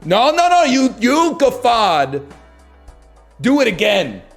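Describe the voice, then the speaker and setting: Man voicing a health class teacher, high-pitched, loud, bossy, lecturing. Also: huge pitch swings, takes it slowly, creaky, faint music behind, full character voice. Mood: scolding.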